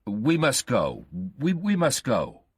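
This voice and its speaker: A man's voice: mid-range voice, wildly swooping pitch, slow pace, slightly rough, dry recording, clean studio sound, pitched above the performer's own voice, heavily acted. A man voicing a frightened young man who answers in clipped, tense refusals.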